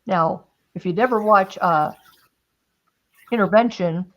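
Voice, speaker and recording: A woman's voice: medium pitch, slow. A woman hosting a craft stream, chatting casually and telling a story, often quoting others and laughing. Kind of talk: casual chat.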